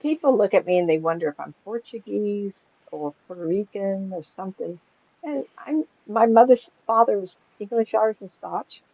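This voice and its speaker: An older woman, a psychic medium, telling anecdotes in a chatty, animated way and laughing often as she talks. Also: medium pitch, moderate pace, husky. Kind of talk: casual storytelling in an interview. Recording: dry, slightly dull lo-fi sound.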